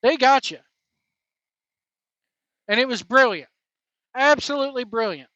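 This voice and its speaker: Brief: high-pitched, sharp-toned host talking wrestling in a slangy, emphatic way; dull lo-fi sound, dry. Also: expressive, measured pace, no room sound. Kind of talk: casual wrestling commentary.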